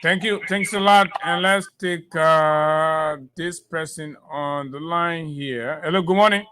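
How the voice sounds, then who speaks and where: A man hosting a call-in talk show, greeting callers briskly. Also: fairly high pitch, sharp tone, clear, resonant tone. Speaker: host.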